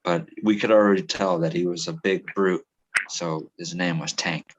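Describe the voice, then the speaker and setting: A man's voice: low voice, steady tone, moderate pace, slight background noise. A man in casual chat on a podcast, rambling and swearing freely, often restarting his sentences. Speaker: podcast co-host.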